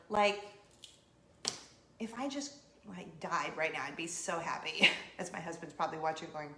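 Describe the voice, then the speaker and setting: A woman in her forties hosting a casual vlog, telling giddy stories with animated acted-out quotes. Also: low voice, normal speed, pauses often, roomy sound, a little hiss or hum. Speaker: vlog host. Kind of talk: casual chat to camera. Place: home in Orlando.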